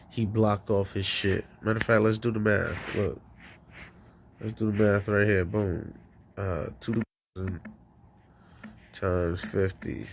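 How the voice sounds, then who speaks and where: Man, podcast host, lowish voice, rambling rant, profane, laughs a lot. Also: gravelly, slight background noise. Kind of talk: casual call-in show rant.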